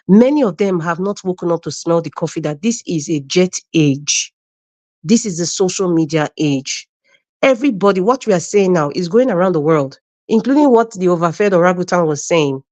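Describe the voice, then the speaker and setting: A woman's voice: on the low side, a little mellow. A Nigerian woman, a guest on a live-stream panel, giving emphatic and mocking political commentary and repeating her points.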